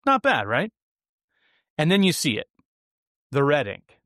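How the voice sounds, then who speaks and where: A man's voice: a little high, very animated, moderate pace, pauses often, a bit bright, no echo, studio quality. A man hosting a podcast alone, delivering sarcastic, punchy and theatrical comedic commentary. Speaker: podcast host.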